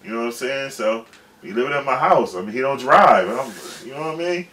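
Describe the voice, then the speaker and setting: A man's voice: mid-range voice, lively intonation, a little fast, fairly bright tone. A man in his forties, a guest telling a long, rambling story in profane, slangy casual speech. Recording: distant mic with faint background noise.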